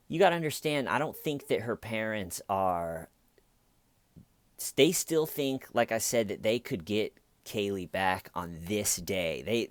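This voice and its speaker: A man's voice: on the low side, no echo. A man hosting a comedy channel, giving sarcastic true crime commentary with sighs and mocking asides. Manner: sarcastic, sighing, quoting people in mocking voices.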